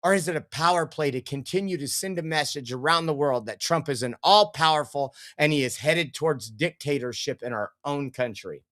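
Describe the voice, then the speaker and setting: A man's voice: fairly high pitch, a little fast, hardly any pauses, fairly bright tone. Chatty man hosting a commentary show. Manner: rambling, anecdotal, chatty. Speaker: political commentary show host. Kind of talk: casual commentary and storytelling.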